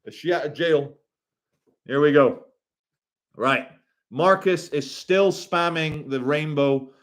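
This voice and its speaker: Profane rambling male livestreamer. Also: a little high. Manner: rambling, profane, quick asides. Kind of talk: casual livestream, reading chat.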